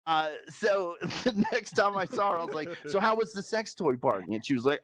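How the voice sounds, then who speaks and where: A man's voice: sits high, very animated, fairly quick, few pauses, fairly bright tone. A man doing a stand-up comedy set, rambling and crude, laughing at his own jokes and switching voices for the people he quotes. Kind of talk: stand-up comedy set in a virtual reality club.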